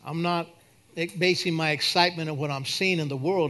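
High-voiced preaching pastor. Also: male voice, fairly even intonation, brisk. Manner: preaching, rising to shouts then dropping to a soft prayer. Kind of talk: sermon. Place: church service at the altar.

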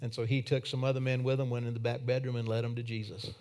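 A man preaching a sermon in church, telling a personal story that swings from emphatic to hushed. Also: medium pitch, flat delivery, quick pace.

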